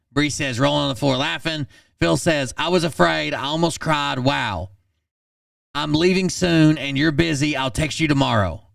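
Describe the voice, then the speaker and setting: A man hosting a channel, reading text messages aloud in a flat, deadpan way and adding blunt asides. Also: fairly high pitch, creaky, dry recording, studio quality, distant mic.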